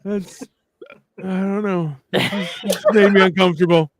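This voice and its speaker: Male podcast host, high voice, halting delivery, clear crowd noise behind. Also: fairly even intonation. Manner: hesitant, many fillers. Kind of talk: casual podcast chat.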